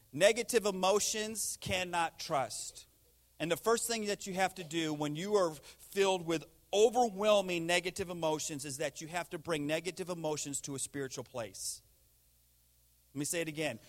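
A man preaching a sermon, animated, swinging between loud rising lines and hushed intense ones. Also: fairly high pitch. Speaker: pastor.

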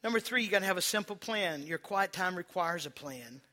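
High bright-voiced guy preaching, gets the crowd to repeat stuff back, goes from soft and slow to loud. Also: expressive. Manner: preaching with call-and-response to a congregation; swings from quiet and slow to loud and emphatic. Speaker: pastor. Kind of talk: sermon.

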